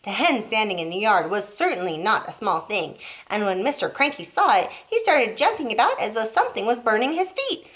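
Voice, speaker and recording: Expressive woman reading aloud to kids. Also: medium pitch, fairly quick. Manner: expressive, showing pictures as she reads. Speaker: teacher. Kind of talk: reading a picture book aloud to children.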